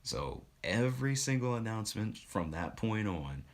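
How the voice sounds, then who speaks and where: A young man streaming, telling a casual story in an animated way and slipping into funny voices when he quotes people. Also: lowish voice, moderate pace.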